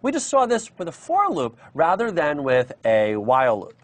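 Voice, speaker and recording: A man's voice: a little high, huge pitch swings, normal speed, no room sound. Guy explaining code on a live stream, voice jumps up and down a lot, lots of uh and um. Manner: chatty, with many fillers and restarts. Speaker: programming instructor. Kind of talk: live-streamed coding lesson.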